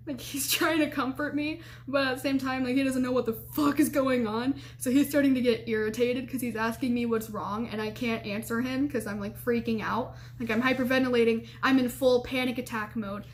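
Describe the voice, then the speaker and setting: A woman's voice: fairly high pitch, moderate pace. A young woman, a college student, telling a personal story casually, acting out what people said with laughs. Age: young adult. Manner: animated, quotes people in raised voices, laughs often.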